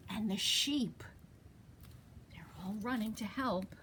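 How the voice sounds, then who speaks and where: Woman, storytime reader, bright tone, slow pace, sing-song. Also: mid-range voice, slight background noise. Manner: sing-song, asks children questions. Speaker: children's librarian. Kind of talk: storytime read-aloud.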